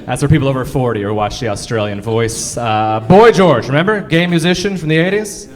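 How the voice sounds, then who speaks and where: A young man doing a stand-up comedy set on a club stage, crude and self-mocking, with punchy delivery and bursts of shouting. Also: medium pitch, brisk. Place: comedy club stage before a live audience.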